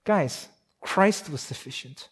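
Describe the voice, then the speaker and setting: A man preaching a sermon in a conversational way, with many restarts and fillers. He gets louder for emphasis and drops soft and slow on key points. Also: on the high side, expressive, husky. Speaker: pastor.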